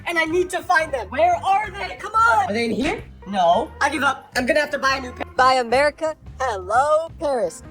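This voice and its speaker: A woman doing short comedic skits to camera, playful and exaggerated with quick punchlines. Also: medium pitch, fairly bright tone. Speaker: comedy TikTok creator.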